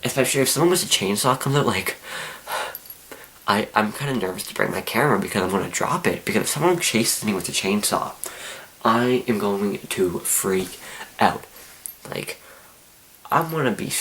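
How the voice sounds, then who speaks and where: A young man telling a rambling, excitable story to his camera as a casual vlog, with halting restarts and faint music behind. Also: on the low side, poor audio. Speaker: vlogger.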